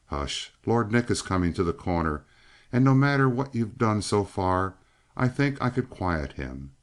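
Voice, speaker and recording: Man voicing a sly young woman in a western audiobook, lifted voice, lively. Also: lowish voice, moderate pace, pitched above the performer's own voice. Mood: wistful.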